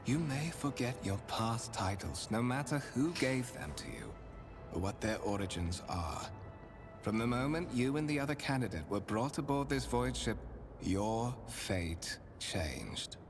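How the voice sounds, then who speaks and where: An actor playing a courtly, calculating male spymaster in a video game, speaking with formal, measured and faintly menacing courtesy. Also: medium pitch, sing-song. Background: game music.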